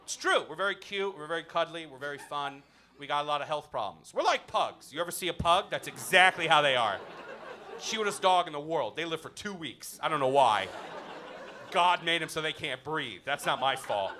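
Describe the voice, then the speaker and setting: A male stand-up comedian working a club crowd, his voice high and bright with wide swoops in pitch. He swings into mock outrage and quick crowd work. Audience laughter rises faintly behind him. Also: expressive, slight background noise.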